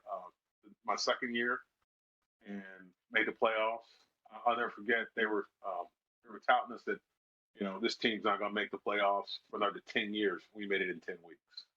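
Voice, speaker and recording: A middle-aged man, a former football player, telling lively stories in a casual interview and acting out the people he quotes. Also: fairly low pitch, husky. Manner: animated storyteller who acts out quoted voices. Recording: slightly dull lo-fi sound.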